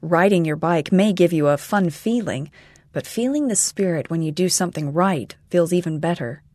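A patient mother with a raised, lighter voice, gently explaining things to her child, as a man puts her on. It is a storybook reading, recorded close and dry. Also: a little high, normal speed, no room sound, pitched above the performer's own voice, close to an everyday voice. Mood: gentle.

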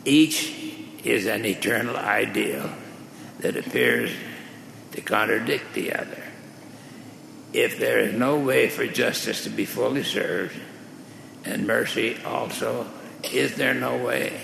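A male preacher telling a parable in a measured, deliberate sermon, recorded in a large hall. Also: mid-range voice, gravelly, a bit bright, a little hiss or hum. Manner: slow, measured, deliberate storytelling. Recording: echoey hall with faint ambience.

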